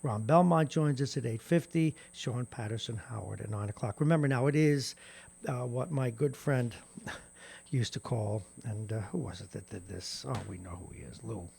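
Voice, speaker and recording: A man's voice: mid-range voice, moderate pace, gravelly, a little mellow, slightly rough. A middle-aged man hosting a morning radio talk show, delivering an indignant, sarcastic monologue and chuckling at his own jokes. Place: radio studio. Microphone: studio microphone.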